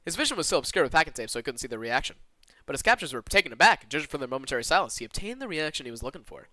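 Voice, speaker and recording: A man with a slight Southern US twang, streaming from his own room and reading a visual novel aloud with animated asides. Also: a little high, no room sound. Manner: animated and expressive, with quick asides to chat.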